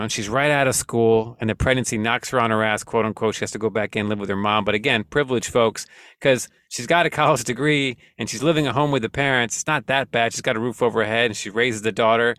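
A man with a mid-pitched voice chats on a podcast, laid-back and wry, retelling things with dry sarcasm and the odd curse. The recording is close and dry, with no room sound. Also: fast, a bit bright, no room sound. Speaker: podcast host. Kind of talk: casual chat.

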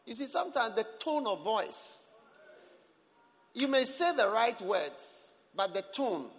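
Bright, lively, slow-paced preacher man. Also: very high-pitched, long reverb tail. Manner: emphatic, with sudden swings between loud and soft. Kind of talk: sermon. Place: church service.

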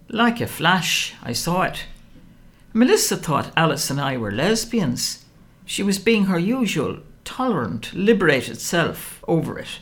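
A woman narrates a first-person novel with wry expression. Her pitch swings freely through each phrase, and a gravelly texture runs beneath her voice. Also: sing-song, unhurried. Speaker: audiobook narrator.

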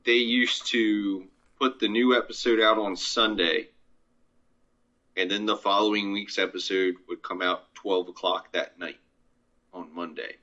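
A man's voice: lowish voice, fairly even intonation, measured pace, bright, forceful tone. A man co-hosting a podcast, talking casually about films in a rambling way, with lots of fillers. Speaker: podcast co-host. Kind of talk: casual movie chat. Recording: dull lo-fi sound.

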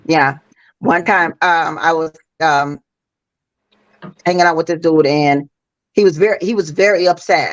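A woman talks as a podcast guest in an animated way, piling up exclamations and repeating her reactions. Her voice comes through a muffled, low-fidelity line. The sound is close and dead, with no room in it. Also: no room sound. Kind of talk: casual chat. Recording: dull, dry lo-fi audio.

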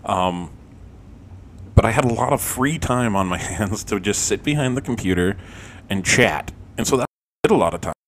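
A man's voice: fairly low pitch, lively intonation, moderate pace, a little hiss or hum. A man hosting a podcast, telling a personal story in a rambling, profane, self-deprecating way, with lots of "um"s. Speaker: podcast host. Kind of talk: casual storytelling monologue.

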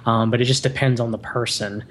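A man's voice: medium pitch, fairly even intonation, a little fast, a bit bright, slight background noise. A man on a podcast as a guest, explaining things in long, winding runs of casual chat.

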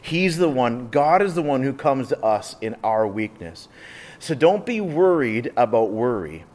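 A pastor delivering an earnest sermon in a conversational style, with frequent restarts and filler words. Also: male voice, mid-range voice, very animated, a little slow, a little mellow.

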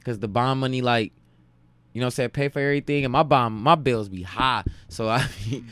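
A man in his late twenties from Cleveland tells long, profane anecdotes with an easy, animated swing. His voice sits at a middling pitch, recorded dry and close. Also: brisk, no echo. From Cleveland, Ohio. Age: late 20s. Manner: profane, animated anecdote-telling with frequent laughs. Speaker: podcast guest, musician. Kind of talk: casual storytelling chat.

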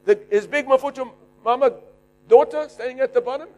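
A middle-aged man preaching, animated, shouting and laughing as he tells a story. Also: very high-pitched, brisk. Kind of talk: sermon storytelling.

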